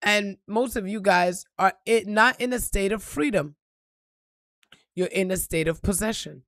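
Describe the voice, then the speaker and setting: A woman giving an impassioned, profane motivational talk on a live stream, repeating lines and building to shouts. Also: mid-range voice, a little slow, dry recording, clean studio sound. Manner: preachy, profane, rising to shouts.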